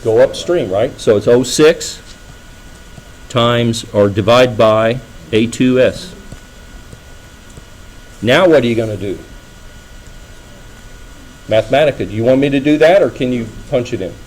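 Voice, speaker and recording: A man's voice: medium pitch, a little slow, pauses often, a little mellow, low-quality recording. A middle-aged man giving a classroom lecture, talking casually and checking in with the students often. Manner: conversational, asks students frequent checking questions. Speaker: engineering lecturer.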